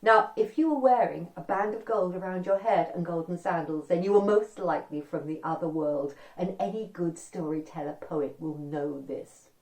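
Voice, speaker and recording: A woman telling an old folk tale to children in an animated, chatty way, with asides to her listeners. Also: lowish voice, moderate pace, few pauses. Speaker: storyteller. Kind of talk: oral storytelling for children. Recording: echoey room, far from the mic.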